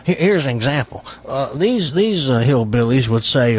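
Husky lively-voiced man, faint Tennessee twang. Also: medium pitch, moderate pace, hardly any pauses. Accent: faint Tennessee Southern. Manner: folksy storyteller, chuckles, repeats words when starting a thought. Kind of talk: casual chat.

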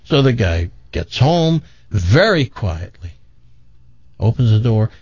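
A male morning radio host telling a long joke, acting out the characters in a lively way. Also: fairly low pitch, takes it slowly, slightly rough, highs cut off. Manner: animated storyteller, acts out characters.

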